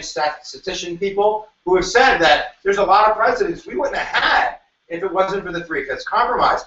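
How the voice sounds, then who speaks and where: A man teaching a review lecture to a class, animated and jokey, with sudden shouts and quick asides. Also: high-pitched. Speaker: history teacher. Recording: echoey room, mic at a distance, dull sound.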